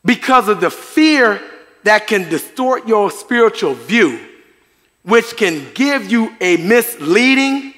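High-voiced male pastor in a reverberant hall. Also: lively intonation, slow, fairly bright tone. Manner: conversational preaching with chuckles and asides to the congregation. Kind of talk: sermon. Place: church sanctuary.

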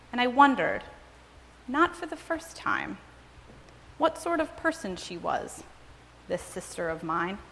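A woman reading a first-person story aloud in a measured, dramatic storytelling manner. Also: mid-range voice, creaky, a bit bright. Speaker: reader and speaker. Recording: long reverb, as in a large hall.

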